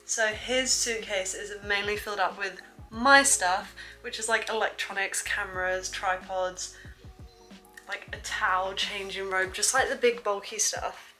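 Young woman, vlogger, chatty storytelling, bright tone, faint music underneath. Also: medium pitch, steady tone, unhurried, rough recording. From England. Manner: chatty, says "like" a lot. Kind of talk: casual storytelling to camera.

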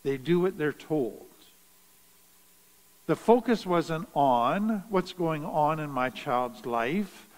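Man, high-pitched voice, unhurried deliberate teaching talk, earnest, long reverb around him. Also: expressive. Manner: slow, deliberate and earnest, with stressed phrases. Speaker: trauma educator.

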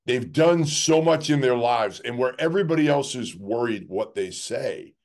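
A man's voice: mid-range voice, expressive, moderate pace, a little mellow. A man co-hosting a sports podcast, talking casually in a rambling way full of "like" and restarts. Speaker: podcast co-host.

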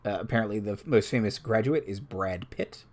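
A man's voice: fairly low pitch, a little fast, darkish tone. A man hosting a live stream, reading tabletop game rules aloud and adding casual asides to the chat. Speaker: game master and stream host.

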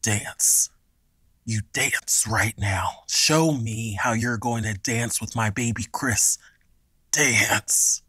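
A woman's voice: deep voice, fairly even intonation, no echo, exaggerated voice. Woman doing a crazed whispering father. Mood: menacing. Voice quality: breathy whispering. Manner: slow, menacing. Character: crazed middle-aged father, menacing.

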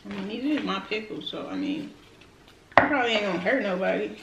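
A woman hosting a food vlog tastes snacks while chatting casually with her viewers, using lots of slang. Her mid-range voice is expressive and a little fast. The room is echoey, the recording muffled, and background noise is heavy.

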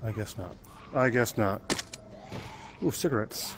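Slow-talking playful man gaming. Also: fairly low pitch, background noise. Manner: playful, chatters to himself and to enemies. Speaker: gamer playing a zombie game. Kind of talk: let's play commentary.

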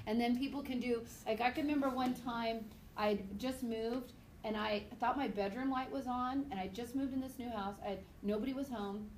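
A fairly high-pitched woman lectures a biology class in a lively, chatty way. She acts out voices in her stories and laughs often. The screencast recording carries a faint hiss of background noise. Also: moderate pace, few pauses, roomy sound. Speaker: biology teacher. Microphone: tablet screencast mic.

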